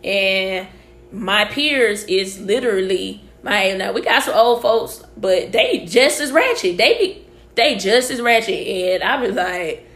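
A woman's voice: mid-range voice, animated, measured pace, fairly bright tone, roomy sound, soft background music. A woman co-hosting a casual chat, blunt and profane with laid-back slang.

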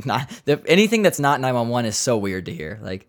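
A man hosts a casual solo podcast, rambling through stories with jokes and the odd curse word. He laughs at his own asides. His voice sits at an ordinary middle pitch. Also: expressive, normal speed. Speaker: podcast host.

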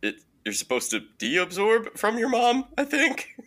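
A man's voice: high-pitched, huge pitch swings, measured pace, bright, forceful tone. A man co-hosting a podcast in casual chat, joking crudely and swearing freely. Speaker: podcast co-host.

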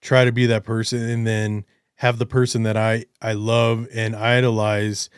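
A man interviewing a guest, encouraging and quick to react with short affirmations. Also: on the low side, level tone, clear, resonant tone, no room sound, clean studio sound. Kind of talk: conversational interview.

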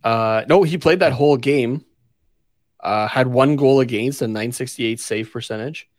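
A man's voice: medium pitch, unhurried, dry recording. Young male co-host, laid-back, mid voice, reads numbers with fillers, dry recording. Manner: easygoing, reads stats aloud with fillers. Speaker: sports podcast co-host. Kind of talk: casual chat.

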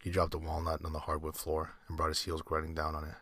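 A man's voice: extremely low pitch, monotone, fast, fairly bright tone, no echo. A man reading a short story aloud at an easy pace, with small slips and self-corrections. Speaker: amateur story reader.

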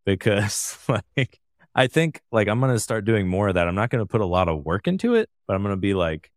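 A man co-hosting a podcast in casual, rambling chat, full of fillers and quick laughs. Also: lowish voice, sing-song, no room sound, studio quality. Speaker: podcast co-host.

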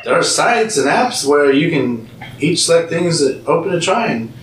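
A man's voice: on the high side, expressive, a little slow. Man cohost reading comments, jokey n wry, sounds a bit far off, faint hiss. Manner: wry, joking, chuckles often. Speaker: podcast co-host. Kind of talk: casual podcast chat reading listener comments. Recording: echoey room, off-mic, faint noise.

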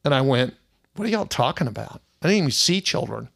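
Middle-aged guy, raspy fry, fired-up storytelling, plays out both sides of the talk. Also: mid-range voice, a little fast. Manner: animated, indignant retelling that acts out other people's lines. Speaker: private investigator. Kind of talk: casual storytelling monologue.

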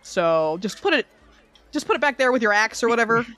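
A woman's voice: a little high, animated, a little fast, a bit bright, dry recording. A woman talking as a player in a tabletop role-playing game, rambling, correcting herself and swearing casually. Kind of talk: in-character tabletop play.

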